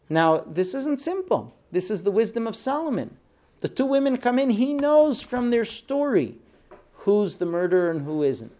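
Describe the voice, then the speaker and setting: A man teaching a Torah class, telling stories with animated acted-out quotes and frequent fillers. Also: high voice, unhurried. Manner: animated storyteller who acts out quoted speech.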